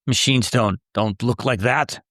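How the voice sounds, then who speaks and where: A man speaking in character at a tabletop game, blunt and stubborn, insisting on his point. His middle-pitched voice is recorded close and dry. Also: measured pace, fairly bright tone, no room sound. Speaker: player. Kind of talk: in-character tabletop role-play.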